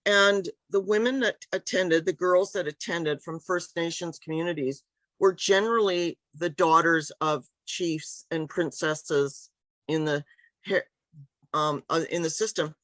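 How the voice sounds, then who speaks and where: A woman's voice: lowish voice, steady tone, unhurried, a bit bright, no echo. A woman author being interviewed over a video call, talking in a meandering, hesitant way with many ums and restarts. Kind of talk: casual conversational interview.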